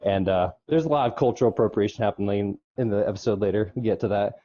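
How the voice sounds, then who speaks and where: A man's voice: fast talker, dark tone, lo-fi sound. A man casually recapping an episode on a podcast, rambling along with fillers. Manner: rambling, with squeaky falsetto when quoting characters. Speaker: podcast co-host.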